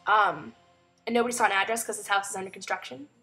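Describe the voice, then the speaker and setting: A woman's voice: mid-range voice, quick pace, soft background music. A young woman telling a chatty story in a casual vlog at home, acting out other people's lines as she goes. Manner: chatty, animated retelling with quoted voices. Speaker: vlogger.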